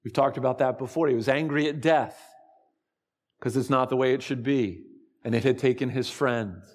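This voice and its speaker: A man preaching a sermon to his congregation, slow and deliberate, with dramatic pauses. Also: mid-range voice, in a large hall. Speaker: pastor.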